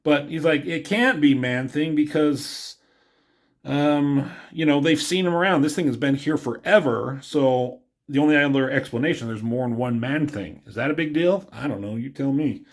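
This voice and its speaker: A man's voice: a little high, moderate pace. A man giving a casual, rambling comic book review, cursing often and talking offhand.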